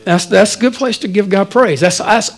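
High-voiced man preaching a lively sermon. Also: normal speed, low-quality recording. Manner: animated preaching, swinging between loud and quiet. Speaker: pastor. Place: church.

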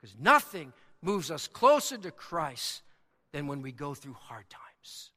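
A male pastor delivering a sermon in a church, building to loud, emphatic peaks and dropping low and soft for prayer. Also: sing-song, slow. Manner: dynamic preaching, swells loud and high for emphasis. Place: church sanctuary. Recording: long hall reverb.

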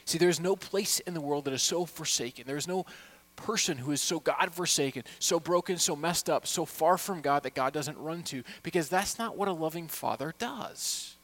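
A male pastor delivering a heartfelt sermon. His voice sits a little high for a man, and he swings between quiet, intimate asides and loud, pleading appeals to his congregation. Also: moderate pace. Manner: impassioned preaching, swinging from hushed to loud.

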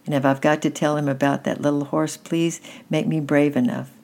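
Woman voicing a frightened little girl, small shaky voice, pleading, deep storybook voice. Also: little pitch movement, fairly quick, vocal fry, a little mellow. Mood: prayerful. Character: cold, frightened little mountain girl, pious.

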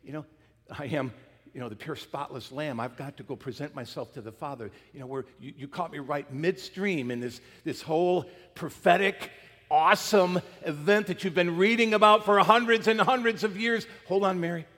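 Husky preacher in a reverberant hall. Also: male voice, a little high, normal speed. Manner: swings from loud emphatic lines to near-whispers; retells scenes with acted quotes. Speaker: pastor. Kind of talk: sermon.

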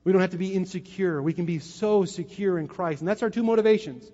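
A middle-aged man preaching a sermon, telling a family story with animated asides to his congregation. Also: high-pitched, fast. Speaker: pastor. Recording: muffled, long hall reverb.

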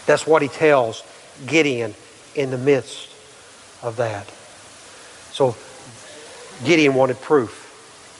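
A man's voice: medium pitch, takes it slowly, long pauses, in a large hall, slight background noise, low-quality recording. A pastor delivering a conversational sermon, acting out quotes and often repeating words as he goes.

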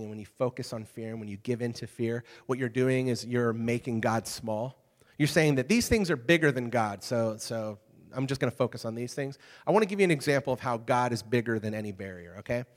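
A young adult man preaching a casual youth sermon, telling stories with lively, conversational check-ins to his listeners. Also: mid-range voice. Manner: conversational, animated storytelling with frequent "okay?" check-ins. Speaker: youth pastor. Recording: hall reverb.

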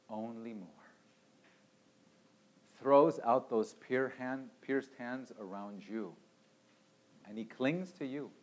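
A man preaching a sermon as pastor, swinging from quiet near-whispers to loud, emphatic passages. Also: mid-range voice. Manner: dramatic preaching with wide swings in volume.

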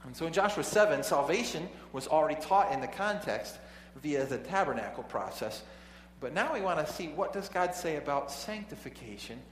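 A man's voice: fairly high pitch, lively intonation, moderate pace, hardly any pauses. Preacher man in an echoey hall. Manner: conversational, chuckling asides, frequent restarts. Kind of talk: sermon with storytelling. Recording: echoey hall with faint hum.

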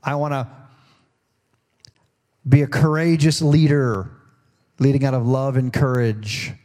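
A man's voice: medium pitch, level tone, measured pace, dark tone. A middle-aged man preaching a sermon in a folksy, conversational way, often restarting his sentences. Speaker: pastor.

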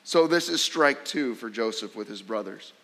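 A man preaching a sermon, emphatic and fond of rhetorical questions, sometimes jumping sharply higher to act out a scornful voice. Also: lively intonation, normal speed, gravelly, a bit bright. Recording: long hall reverb.

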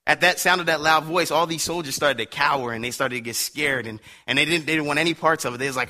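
Bright-voiced man preaching a story. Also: a little high, quick pace. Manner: animated, laughing, slangy storyteller. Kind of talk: casual storytelling sermon.

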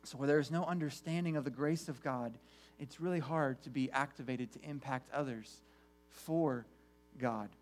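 A man's voice: mid-range voice, moderate pace, faint music behind. A man preaching a sermon to his congregation in an earnest way, often repeating words as he restarts phrases. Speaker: pastor.

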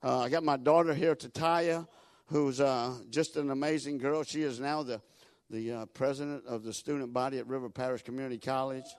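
A man preaching a sermon as a guest speaker, telling folksy stories, repeating words and building to loud emphatic peaks. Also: medium pitch, fairly even intonation, brisk, dry recording.

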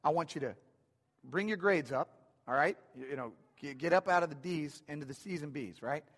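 A man's voice: on the high side, fairly quick, fairly bright tone, big-room sound. Man voicing sensible father setting rules, plain and matter-of-fact. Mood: firm.

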